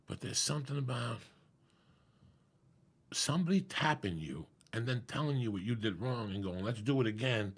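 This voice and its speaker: A man with a raspy, gravelly voice, telling stories in casual chat as a comedian guest, swearing freely and acting out what people said. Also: medium pitch, moderate pace, long pauses. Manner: profane, animated storyteller acting out quotes.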